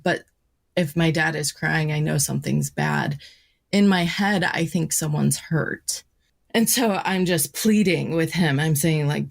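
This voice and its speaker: A woman hosting a podcast, telling a personal story in a halting, reflective way, with pauses and restarts. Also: low voice, creaky. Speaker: podcast host.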